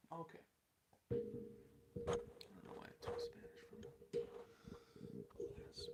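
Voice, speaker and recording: Gravelly, blunt, profane male podcaster. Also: fairly high pitch, a bit bright, slight background noise. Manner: blunt, profane, opinionated, rambling with restarts. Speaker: podcast host. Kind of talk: casual solo podcast commentary.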